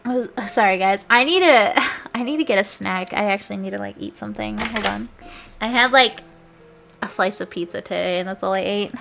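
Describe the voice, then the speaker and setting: A woman's voice: medium pitch, fairly quick, gravelly, soft background music. Laughing young woman streamer reading aloud. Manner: animated mock-dramatic reading, stumbles over words, laughs.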